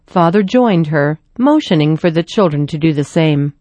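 A woman reading a children's story aloud in a gentle, even storytelling manner. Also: sits low, normal speed, dry recording. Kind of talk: scripted story narration.

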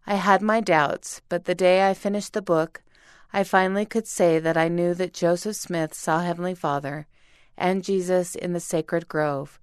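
A woman reading a first-person story aloud as scripted narration, in an earnest, steady delivery. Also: on the low side, clean tone, dry recording, clean studio sound. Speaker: reader.

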